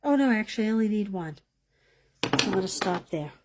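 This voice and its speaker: A woman's voice: medium pitch, animated, a little fast, heavy background noise. A woman leading a live card-making class, chatting as she demonstrates and thinking aloud, sometimes dropping to a whisper as she works.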